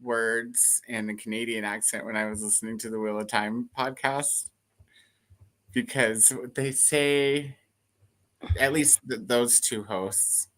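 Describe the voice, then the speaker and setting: A man chats over a video call in a relaxed, easygoing way. His voice has a bright, forward edge and sits at a middle pitch. He laughs often and pauses on fillers. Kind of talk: casual chat.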